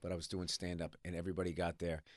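A man tells profane, animated stories as a comedian guest on a radio talk show. His throat is a little rough from a cigar. He speaks close to a dry studio mic. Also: low-pitched, racing, no room sound.

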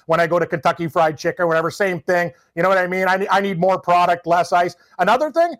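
A man's voice: high-pitched, fast talker, a bit bright. A man co-hosting a sports talk show, enthusiastic and emphatic in casual chat.

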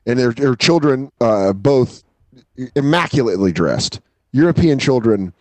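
A man tells a long, animated story on a casual podcast. He swears freely and drops into quick impressions of the people he describes. His voice sits in a middle register, and the recording is dry and close. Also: medium pitch, dry recording. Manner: profane, animated, acts out the people in his stories. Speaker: podcast co-host, comedian.

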